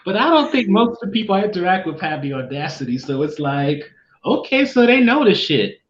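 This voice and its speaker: Blunt, lively podcast co-host in a roomy echo. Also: mid-range voice, fairly quick, muffled recording, slight background noise. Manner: blunt and profane. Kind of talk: casual chat.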